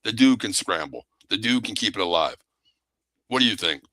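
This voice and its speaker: A man hosting a casual sports talk show, animated and excitable, often calling his co-host by name. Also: lowish voice, normal speed, no room sound, low-quality recording.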